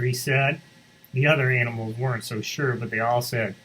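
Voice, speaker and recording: A man's voice: medium pitch, poor audio. A man reading a picture book aloud to schoolchildren and stopping to explain things to them. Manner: expressive storybook reading, pauses to explain to students. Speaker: school reader on morning announcements.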